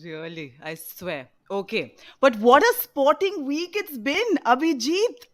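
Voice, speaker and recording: A woman's voice: sits high, very animated, slow pace, a bit bright. A woman co-hosting a sports podcast, playful and joking. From India. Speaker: podcast co-host. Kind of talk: casual sports chat.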